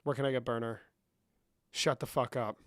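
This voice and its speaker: Speaking at normal speed with fairly even intonation and medium pitch, a young man hosts a casual live-stream chat. He trades profane jokes with viewers, reads out and answers their chat questions, and mixes English with Spanish. The recording is studio quality with no echo.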